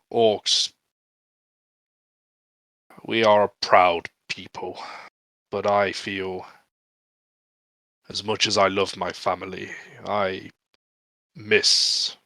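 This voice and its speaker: Man, low voice, bright and dry, halting in-character orc role-play. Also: no echo, low-quality recording. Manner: halting, earnest delivery with frequent laughter. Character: earnest male orc, proud and restless. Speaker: player.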